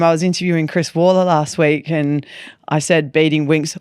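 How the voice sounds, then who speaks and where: A woman hosting a podcast, telling stories in a lively, self-deprecating way and acting out what people said. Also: low-pitched, normal speed, clear, resonant tone, no echo, studio quality. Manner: animated, self-deprecating, acts out quotes. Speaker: podcast host. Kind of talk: casual chat, storytelling.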